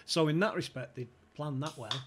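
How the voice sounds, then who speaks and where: A man's voice: on the high side, a little fast, noisy background. A man telling stories casually, swearing and laughing as he goes. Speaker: podcast guest, former club insider. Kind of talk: casual storytelling chat.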